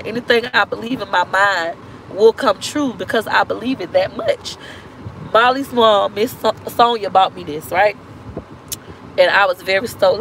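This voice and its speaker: A woman's voice: mid-range voice, background noise. A woman in her thirties talking candidly in a personal vlog, emotional, repeating herself and acting out what others said. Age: 30s. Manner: emotional, repeats herself, acts out quoted speech. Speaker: vlogger.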